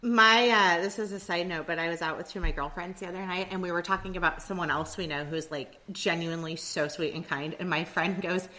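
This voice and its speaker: A woman hosting a casual podcast with a sharp, bright tone that sits a little low in pitch. She asks questions and drops into lively anecdotes. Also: fairly quick, hardly any pauses, slight background noise. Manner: questioning, animated storyteller. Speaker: podcast host. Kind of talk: casual chat, leading discussion.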